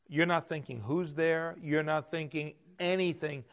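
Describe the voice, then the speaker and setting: Gravelly-voiced preacher man, loud to hushed. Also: fairly high pitch, measured pace, hardly any pauses. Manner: animated preaching, swings from loud emphasis to hushed asides. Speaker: pastor. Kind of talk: sermon.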